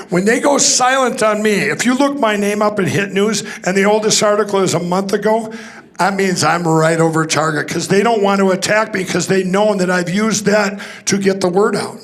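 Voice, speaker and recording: A man with a high-pitched, fairly bright voice addresses a conference audience from the stage, spinning a rambling story full of restarts and performed dialogue.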